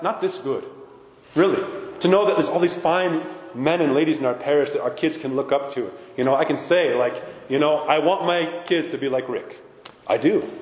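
Middle-aged man, fairly high voice, impassioned parish talk, insistent, big reverberant hall. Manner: emphatic, keeps asking "right?" and insisting he is serious. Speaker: speaker at a parish gathering. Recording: echoey hall with long reverb.

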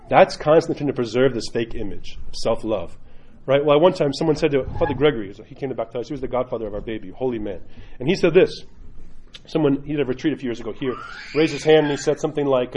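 A man's voice: medium pitch, quick pace, dark tone, dull audio. A man speaking as a priest, giving an informal sermon in a blunt, joking, emphatic way.

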